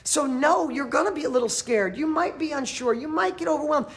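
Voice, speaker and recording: A man coaching a live audience in a motivational training, emphatic and fervent, repeating phrases for emphasis and swinging between loud and quiet. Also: extremely high pitch, animated, a little fast. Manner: fervent, emphatic, pep-talk delivery.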